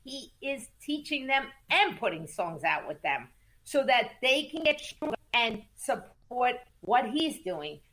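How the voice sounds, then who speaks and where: A woman guest in a casual interview, telling music business stories in an animated, emphatic way, repeating words for stress and cursing casually. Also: on the high side, measured pace. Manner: acts out quoted voices in lively storytelling. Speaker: music manager and entertainment attorney, guest.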